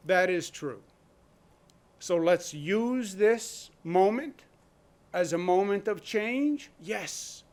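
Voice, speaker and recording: A man, a state governor giving an impassioned speech full of rhetorical questions and punchy short phrases. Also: high-pitched. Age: 60s. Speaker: state governor at a press briefing.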